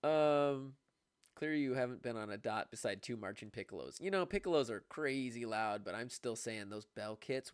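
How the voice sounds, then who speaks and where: A young man, a music teacher, chats casually with viewers on a livestream. He is excitable and quick to laugh. His voice sits in a mid range and sounds dry and close. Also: mid-range voice, smooth, dry recording. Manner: chatty, laughing, excitable about gifts. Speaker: music teacher streaming live.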